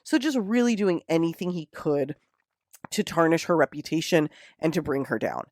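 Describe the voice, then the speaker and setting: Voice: medium pitch, normal speed, no echo, clean studio sound. A podcast host telling a true crime story in a casual, indignant, profane way. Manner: indignant, profane, animated retelling.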